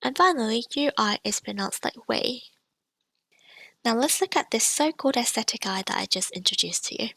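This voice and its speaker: Woman, patient language teacher, slightly high voice with some vocal fry, demonstrates sounds clearly; dry, close recording. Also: lively intonation, normal speed, sharp tone, no room sound. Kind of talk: scripted lesson narration.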